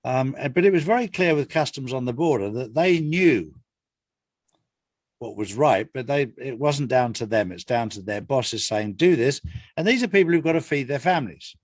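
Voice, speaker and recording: With a medium-pitched, animated voice at a moderate pace, a retired English author in his later years answers interview questions. He's earnest and relaxed, going back over his points to stress them, and the studio-quality audio has no echo.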